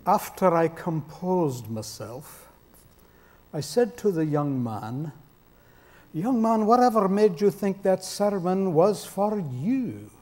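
A man putting on a Scottish brogue to voice an elderly Scottish preacher with a measured, gently scolding manner. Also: sits high, sing-song, exaggerated voice. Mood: gently reproving. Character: elderly Scottish male preacher, dry and wry.

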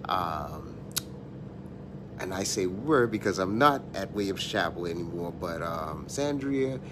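A man from a former church congregation giving a slow, earnest, hesitant video message of praise. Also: low-pitched, expressive, background noise. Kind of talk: recorded video greeting.

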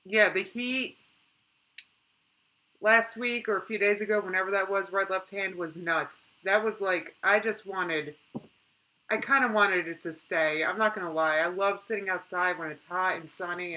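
A young woman chatting casually on a live stream, reading out viewer comments in an animated way and laughing often. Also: lowish voice, normal speed, poor audio.

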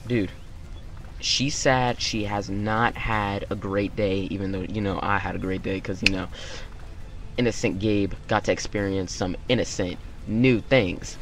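A young man hosting his channel, telling a story-time tale in an animated way and acting out the quotes. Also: lowish voice, unhurried, background noise. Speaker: YouTube channel host.

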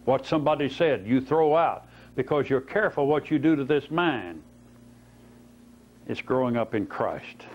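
A man's voice: mid-range voice, animated, normal speed. Folksy preacher man on old tape. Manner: folksy storytelling, rhetorical questions. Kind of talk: Bible teaching sermon. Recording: dull lo-fi tape recording.

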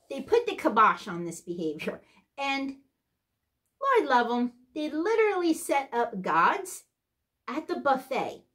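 A woman playing a sarcastic, blunt cruise guest-services worker in a comedic character monologue, ranting with exasperated asides. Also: a little high.

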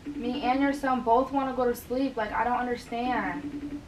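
A woman's voice: fairly high pitch, fairly even intonation, normal speed, darkish tone, recorded from a distance, a little hiss or hum, poor audio. A woman on a video call, exasperated and complaining.

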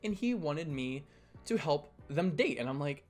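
Young man, slightly high voice, rambling story time, self-correcting, faint music behind. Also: animated, moderate pace. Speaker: storytelling vlogger.

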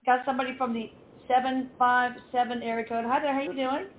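A woman's voice: high voice, steady tone, a little fast, slight background noise. A woman hosting a live call-in radio show who greets each caller in a chatty way. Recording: phone-like line.

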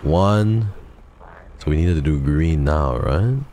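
A man's voice: extremely low pitch, expressive, slow, mellow, a little hiss or hum. A man streaming a game live, chatting casually with his viewers, swearing and joking.

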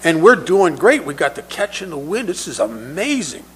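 A man's voice: fairly high pitch, very animated, normal speed, a bit bright, husky, rough recording. A man telling personal stories at a recovery meeting, in a conversational way, often repeating words as he restarts. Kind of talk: personal storytelling talk.

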